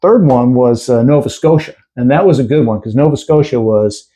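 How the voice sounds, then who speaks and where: Chicago-accented man telling relaxed stories. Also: medium pitch, a little fast, low-quality recording. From Chicago area. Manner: relaxed, rambling anecdotes with many fillers. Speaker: podcast guest. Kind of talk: casual interview storytelling.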